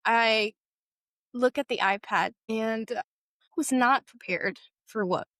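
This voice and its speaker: A young woman tells a painful story from her past, her voice sitting a little high. She speaks haltingly and with feeling, often pausing on fillers as she searches for words. The sound is dry, with no room around it. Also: a bit bright, no room sound. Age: young adult. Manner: halting, emotional retelling with frequent fillers. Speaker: guest sharing a personal story. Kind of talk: personal storytelling.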